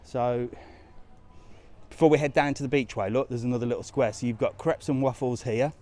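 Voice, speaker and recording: A man's voice: mid-range voice, fairly even intonation, brisk, a little mellow. A man live-streaming a walking tour of a resort town, chatting casually and answering comments as he goes. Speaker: travel vlogger on a live walk. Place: outdoors in a resort town streets and squares.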